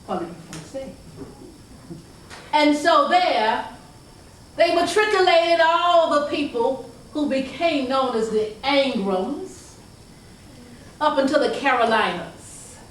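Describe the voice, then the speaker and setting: A woman's voice: sits high, lively intonation. A woman with a Southern American accent telling family stories to an audience, folksy and emphatic, drawing listeners into call-and-response. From southern United States. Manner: call-and-response, emphatic, folksy, stretches key phrases slowly. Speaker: storyteller. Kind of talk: oral family storytelling to an audience. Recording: very echoey hall, distant voice, faint background hum.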